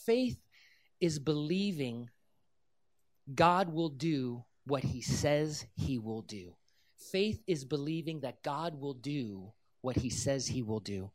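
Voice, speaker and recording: An animated preacher delivers a sermon at an ordinary, mid-range pitch. The story comes alive as the preacher slips into the characters' voices, then settles into an earnest, direct stretch of teaching about faith. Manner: animated storyteller who acts out the characters' lines.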